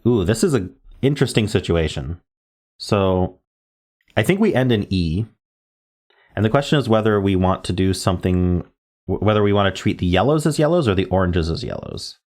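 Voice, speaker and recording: A man's voice: deep voice, lively intonation, normal speed, darkish tone. A man thinking aloud as he plays word puzzle games, spelling out letters, musing and correcting himself as he goes. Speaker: word game streamer. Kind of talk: casual thinking-aloud gameplay commentary.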